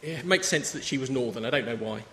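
A man's voice: mid-range voice, lively intonation, fast, fairly bright tone, a little hiss or hum. A man in his thirties preaching a sermon in a chatty, story-telling way. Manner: conversational, anecdotal preaching. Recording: reverberant hall with faint ambience.

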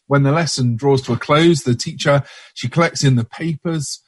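A man's voice: medium pitch, normal speed, no room sound. A man preaching a sermon in a church, hesitant, with frequent restarts and fillers.

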